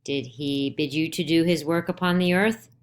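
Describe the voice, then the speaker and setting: A woman's voice: deep voice, fairly even intonation, moderate pace, lightly acted. A woman voicing a stern older male judge who questions urgently and insistently in a dramatized play reading. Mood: pressing.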